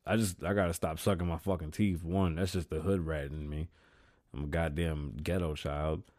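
A man hosting his own podcast, rambling and swearing, mixing English and Spanish, and high. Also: a little mellow. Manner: loose, swearing, switching between English and Spanish. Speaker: podcast host. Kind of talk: rambling profane monologue. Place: studio.

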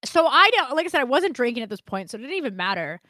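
A woman's voice: high voice, quick pace, dry recording, clean studio sound. A young woman, telling a story on a casual podcast and acting out what people said, with plenty of swearing. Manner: animated, swearing, acts out quotes. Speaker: podcast co-host.

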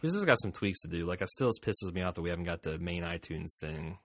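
A man's voice: low voice, lively intonation, quick pace, a bit bright, a little hiss or hum. A man co-hosting a podcast, chatting loosely and rambling, swearing casually. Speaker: podcast co-host. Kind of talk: casual chat.

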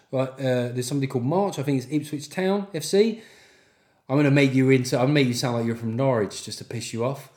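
A man's voice: mid-range voice, darkish tone, roomy sound. A man hosting a podcast, delivering a sweary, jokey comic monologue and reading out listener reviews. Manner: sweary, jokey, slips into mock accents. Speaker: podcast host.

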